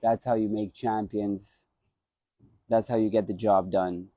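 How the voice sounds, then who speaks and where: A former boxer hosts a live stream, reminiscing casually and rambling, often repeating his phrases as memories return. His voice is warm, mellow and fairly low with even intonation and a slightly slow pace, recorded dry, close and a bit dull with no room sound.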